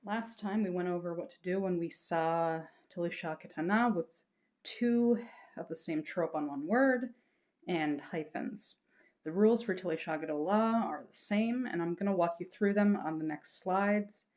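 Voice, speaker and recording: A woman's voice: fairly low pitch, moderate pace, a little mellow. A woman teaching a lesson patiently, explaining step by step and reassuring her students, breaking into short chanted examples.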